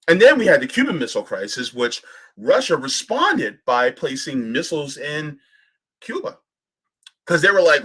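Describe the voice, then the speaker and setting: Man, political stream host, fiery, argumentative, rhetorical questions, swings in pitch, bright forceful voice. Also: breathy edge. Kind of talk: political commentary on a livestream.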